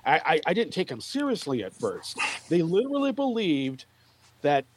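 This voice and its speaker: A man's voice: fairly high pitch, wildly swooping pitch, moderate pace, slight background noise. A man in a casual political chat, telling opinionated stories with emphasis.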